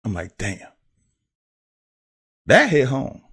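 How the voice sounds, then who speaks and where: Animated man breaking down football film. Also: mid-range voice. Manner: animated storytelling, profane, quick laughs. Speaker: football analyst. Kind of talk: casual film-breakdown talk.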